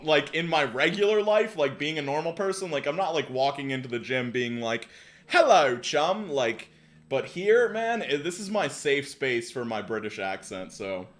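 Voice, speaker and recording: A young man in his 20s hosts a livestream, reading forum posts aloud in a casual chat. His voice sits on the high side, and he's animated and slangy, swearing casually as he goes.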